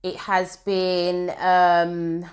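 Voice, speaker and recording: A woman's voice: lowish voice, completely flat delivery, very slow. A woman from the UK talking casually to camera as a beauty vlogger, chatty and rambling with lots of fillers and asides. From United Kingdom.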